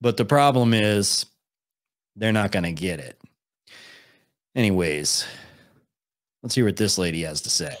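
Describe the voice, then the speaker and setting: With a lowish, expressive voice, a young male streamer talks at a measured pace with long pauses. He reads out chat and reacts to videos with dry, sarcastic comments in a casual commentary style.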